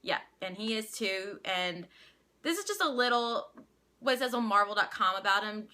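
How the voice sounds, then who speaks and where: Bright-voiced Louisiana woman vlogging. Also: medium pitch, lively intonation, moderate pace. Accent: light Louisiana. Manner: hesitant, many restarts. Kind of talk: casual opinion vlog.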